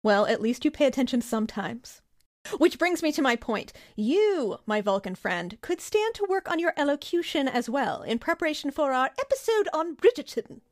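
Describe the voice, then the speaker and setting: A woman's voice: high voice, big pitch swings, normal speed. A woman voicing a pompous upper-class English lady in a put-on received-pronunciation accent, clipped and haughty.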